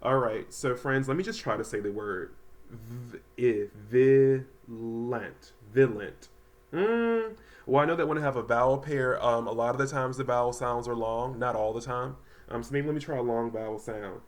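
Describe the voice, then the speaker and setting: A man teaching a third grade reading lesson to children at home, talking casually with many ums and slowly sounding out words. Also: medium pitch, fairly even intonation. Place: home, voice only over the packet pages. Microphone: close mic, not seen.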